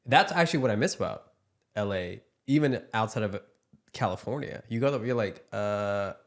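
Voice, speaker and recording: A man co-hosting a casual podcast, teasing his guests in quick banter. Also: on the low side, animated.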